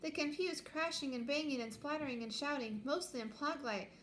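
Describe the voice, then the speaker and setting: A woman reading a children's space adventure aloud with lively, expressive storytelling. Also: high-pitched, a little fast. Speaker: reader.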